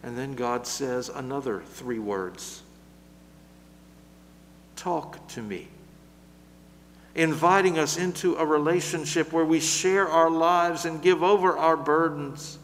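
A man preaching a sermon in a slow, measured way, building louder through lists and then dropping to a soft, gentle close. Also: a little high, fairly even intonation, big-room sound, a little hiss or hum.

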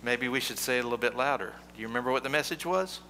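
A male pastor with a mid-range voice talks very fast, sounding pushed and bright, as he leads liturgy and jokes with children. It's recorded in a reverberant church sanctuary with a faint hum in the background.

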